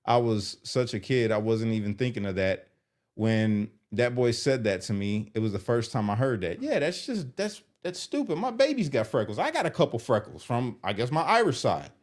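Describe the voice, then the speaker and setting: Lively exasperated man streaming. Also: medium pitch, normal speed. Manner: animated and exasperated, reads comments aloud. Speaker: streamer reacting to comments. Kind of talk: live commentary.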